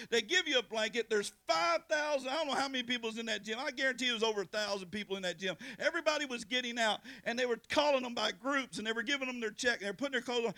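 A man preaching a testimony, calling out to listeners by name and swinging from loud preaching to hushed storytelling. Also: very high-pitched. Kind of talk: sermon testimony.

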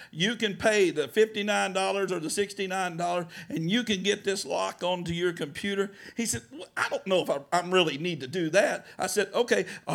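A male pastor preaching a sermon, telling a story and acting out the dialogue, swinging from hushed lines to loud ones. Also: high-pitched, creaky.

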